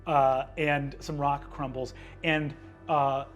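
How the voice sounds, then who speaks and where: A man's voice: medium pitch, flat delivery, takes it slowly, fairly bright tone. A man running a tabletop game as game master, vividly describing the scene, over background music.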